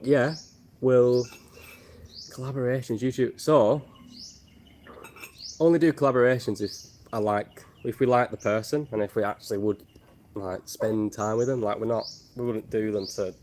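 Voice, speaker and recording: A man's voice: fairly low pitch, fairly even intonation, moderate pace, darkish tone, slight background noise. A man from Northern England, chatting casually on a travel livestream and reading out viewer questions with jokes. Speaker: travel vlogger. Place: outdoors in Thailand with birds and geckos around.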